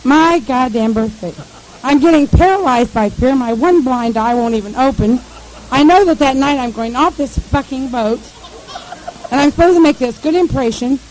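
Casting: a woman, slightly high voice, cursing, rambling storyteller, faint background noise. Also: moderate pace, rough recording. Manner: profane, rambling, animated, imitates radio noises. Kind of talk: casual storytelling.

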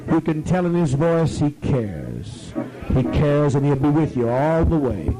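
A man leading a gathering, who rambles, swears freely and gives orders, sometimes slowing into a drawn-out, soothing tone. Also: fairly high pitch, very animated, music in the background, rough recording. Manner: profane, commanding, rambling; slows to a drawn-out, soothing tone at times. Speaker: community leader addressing members.

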